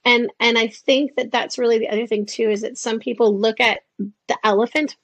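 A woman in her fifties chatting as a guest in an interview, animated and acting out the voices she quotes. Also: a little high, normal speed, no room sound, highs cut off. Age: 50s. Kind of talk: casual interview chat.

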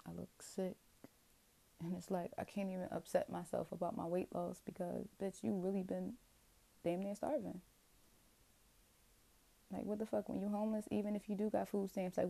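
A woman talking straight to her viewers in a rambling, profane, self-questioning confessional. Her voice is dark and gravelly with heavy vocal fry. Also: mid-range voice, flat delivery, fairly quick, long pauses, no echo. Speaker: vlogger. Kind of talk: candid confessional monologue.

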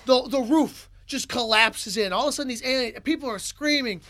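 Lively young man telling a story on a podcast. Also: extremely high pitch, fairly quick, hardly any pauses, a little hiss or hum. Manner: animated storyteller, many fillers like "like" and "right?". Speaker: podcast co-host.

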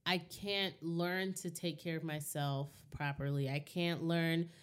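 Woman, low voice, smooth clear tone, casual reflective chat, candid co-host. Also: steady tone, slow pace. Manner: candid, reflective, often asks "you know what I mean". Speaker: podcast co-host.

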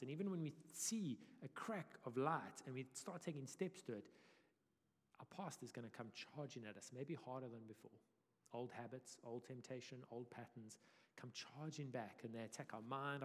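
A male pastor delivers a conversational sermon in an animated, easygoing way. His voice sits in an ordinary middle register. A long reverb trails off each phrase. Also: medium pitch. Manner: conversational, animated, self-deprecating. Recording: reverberant church hall.

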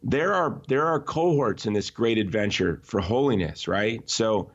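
A man talking as a podcast guest in an emphatic, animated way, often restarting his sentences. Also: fairly low pitch, measured pace. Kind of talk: conversational podcast interview. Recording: slightly dull, lo-fi audio.

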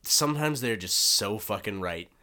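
A man's voice: fairly low pitch, expressive, normal speed, bright, forceful tone. A man in casual podcast chat, cutting in with wry, profane remarks.

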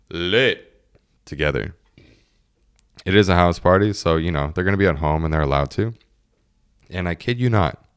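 A man's voice: a bass voice, clear, resonant tone, no echo, clean studio sound. A young man in his twenties casually telling a story, laughing often and acting out what his friends said.

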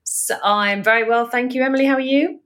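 A woman co-hosting a podcast, telling an animated story in casual chat and laughing easily. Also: fairly high pitch, a little fast. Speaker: podcast co-host.

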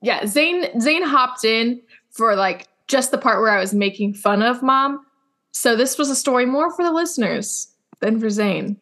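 With a fairly high, animated, slightly bright voice, this young co-host keeps a measured pace on her podcast. The talk is casual and full of sarcastic teasing, including impressions of her family when she quotes them.

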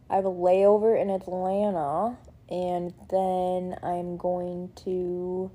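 A woman's voice: mid-range voice, warm tone. A young woman vlogging in a casual, chatty, sentimental way, full of likes and ums. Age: young adult. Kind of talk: casual chat.

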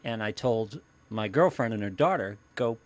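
A man's voice: lowish voice, animated, normal speed. A man co-hosts a casual podcast and produces it. He tells stories in an easygoing way, with a dry sense of humor. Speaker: producer and co-host. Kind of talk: casual chat.

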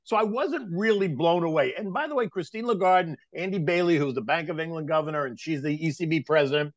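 A man's voice: a little high, fast, dry recording. Male market guest on a dull line. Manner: conversational, hesitant restarts. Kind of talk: casual market talk.

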